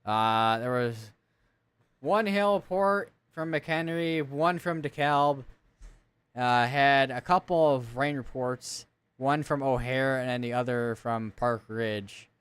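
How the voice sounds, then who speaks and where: A man's voice: medium pitch, slow pace, fairly bright tone, smooth, dry recording. Man reading storm reports on a live stream. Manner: thinks aloud, reads town lists, corrects himself often. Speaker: severe weather streamer. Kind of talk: live weather coverage commentary.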